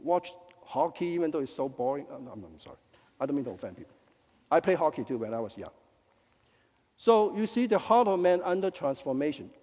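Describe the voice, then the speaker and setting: A man's voice: fairly high pitch, dull audio. Man preaching in an echoey hall. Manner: lively, with joking asides and quick apologies. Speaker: pastor. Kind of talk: sermon. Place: church sanctuary. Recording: long echo of a large hall.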